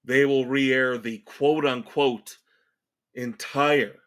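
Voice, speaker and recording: Slow, sarcastic man ranting. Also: medium pitch, steady tone, a bit bright. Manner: sarcastic, exasperated, emphatic. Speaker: podcast host. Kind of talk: opinionated solo rant.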